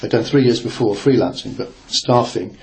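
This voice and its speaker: In reflective oral-history style, a former newspaper reporter, now an older man, haltingly tells a rambling story from his workplace with many fillers and false starts. He speaks at medium pitch and normal speed, his voice creaky and a little mellow.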